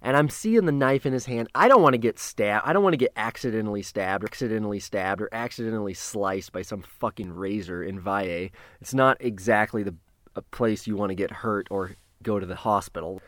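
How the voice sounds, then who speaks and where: A man telling a personal story in a casual, profane way, halting and restarting, with sudden louder bursts. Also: fairly low pitch, no echo, studio quality.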